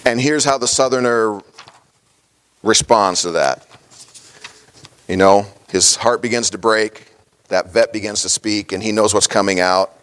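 A man's voice: on the low side, a little slow, pauses often, a bit bright, clear, resonant tone. A middle-aged man, a pastor, preaching a sermon in a folksy storytelling way, with many fillers and small chuckles.

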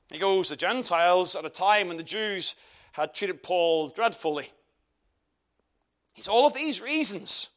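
A man's voice: high-pitched, fairly bright tone. A man preaching an expository sermon, emphatic and asking rhetorical questions.

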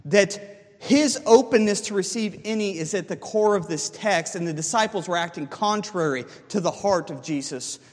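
A male pastor delivers a teaching sermon, walking his listeners through a text step by step and pausing often to ask "okay?" His voice sits notably high for a man. The sound carries the long reverb of a large hall. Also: darkish tone. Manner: explanatory, frequent "okay?" check-ins.

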